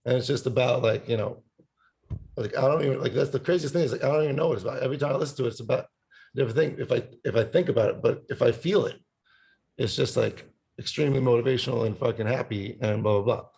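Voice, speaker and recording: Rambling, cursing male musician with gravelly voice. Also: mid-range voice, fast talker, a little mellow. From Italian family background. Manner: rambling, swears a lot, sings snippets. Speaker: podcast guest musician. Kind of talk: casual chat.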